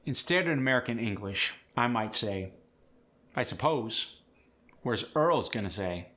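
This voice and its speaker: A man teaching an accent lesson in a chatty, upbeat manner. His voice is bright and forward, with an average pitch. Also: lively intonation, unhurried. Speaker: dialect coach. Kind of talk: accent tutorial.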